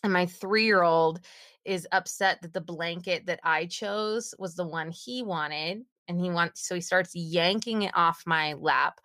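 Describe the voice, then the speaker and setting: A woman in her thirties telling a story as a podcast guest, lively and animated, with her voice leaping up as she acts out what was said. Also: a little slow, no echo, clean studio sound. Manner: animated, acts out quotes with big pitch jumps. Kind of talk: casual interview storytelling.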